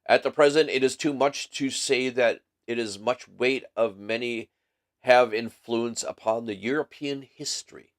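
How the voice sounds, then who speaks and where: A man's voice: mid-range voice, unhurried, close to an everyday voice. A man reading as a masked count with a German accent. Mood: formal, guarded. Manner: formal, guarded, commanding. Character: towering masked male nobleman, proud and secretive.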